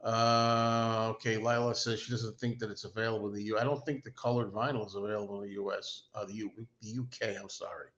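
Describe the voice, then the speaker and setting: A man's voice: lowish voice, level tone, a little fast, few pauses, fairly bright tone, muffled recording. A man hosting a casual livestream, rambling and self-deprecating, talking as an enthusiastic fan. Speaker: host.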